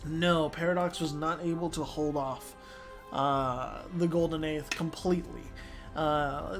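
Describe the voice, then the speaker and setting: Casual game commentator, gets excited and swears a lot, mid pitch, faint music behind. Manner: excitable, swears, restarts sentences.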